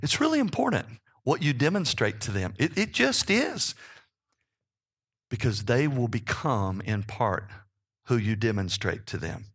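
A man's voice: mid-range voice, very animated, a little slow, fairly bright tone, slightly rough. A man in his fifties delivers a sermon from a church pulpit. He preaches in a homely, conversational way, checking in with the congregation as he goes. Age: 50s. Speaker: pastor.

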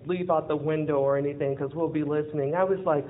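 A woman telling a personal story in a lively way, acting out what people said and laughing often. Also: low-pitched, fast talker. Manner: lively, acts out quoted dialogue, laughs often. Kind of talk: personal storytelling with a closing lesson. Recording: phone-like narrow sound with faint noise.

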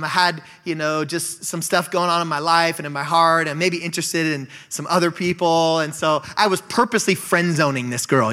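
Man, forties, pastor, high voice, bright tone, casual animated sermon. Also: long reverb tail. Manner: animated, storytelling, frequent asides to the congregation. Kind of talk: conversational sermon.

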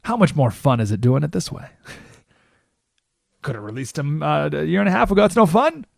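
A male radio host talks through a political monologue as a lively story, throwing in quick rhetorical asides. His voice sits a bit high with a gravelly edge and leaps up and down in pitch. The studio sound is close and dry. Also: dry recording. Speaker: radio talk show host.

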